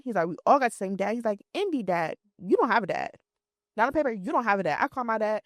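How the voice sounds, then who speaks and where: Thirties woman, podcast co-host, lively storyteller who acts out quotes, dry close sound. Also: a little high, fast, no room sound. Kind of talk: casual chat.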